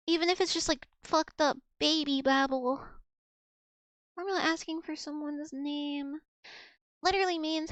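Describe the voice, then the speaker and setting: A woman's voice: high-pitched, slow pace, long pauses, a bit bright, dry recording. A young woman streaming casually, giggling and repeating practice words over and over as she learns to pronounce them.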